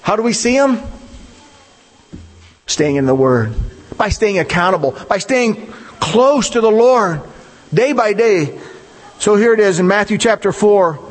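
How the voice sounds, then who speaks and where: A male pastor with a high voice preaches unhurriedly in a large hall, pausing often. The sermon feels conversational as he asks listeners questions and animatedly emphasizes his key ideas.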